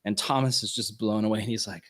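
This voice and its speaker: At a ministry workshop, a man teaches in an earnest, conversational style, using casual phrasing and often checking in with "right?" His voice sits lowish and fairly bright, with a steady tone and a quick pace.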